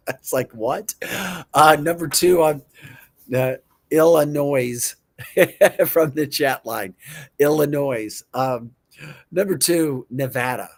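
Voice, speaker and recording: A man's voice: medium pitch, slow, long pauses. Playful chuckling male show host. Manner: playful, repeats words in mock pronunciations, chuckles often. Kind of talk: casual studio chat.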